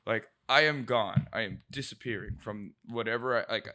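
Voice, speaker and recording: A man's voice: on the low side, normal speed, sharp tone. A young man in casual podcast chat, talking earnestly and emphatically in slang. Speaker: podcast co-host.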